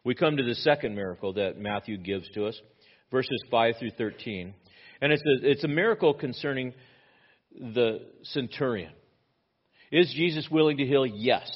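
A man preaching a sermon, asking rhetorical questions and repeating key phrases, often dropping to a hushed, intense tone. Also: mid-range voice, lo-fi sound. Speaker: pastor.

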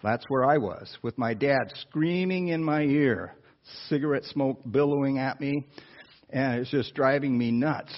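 A man preaching through a personal story, animated, with asides to the listeners. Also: mid-range voice, unhurried. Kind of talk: storytelling sermon. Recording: dull lo-fi sound.

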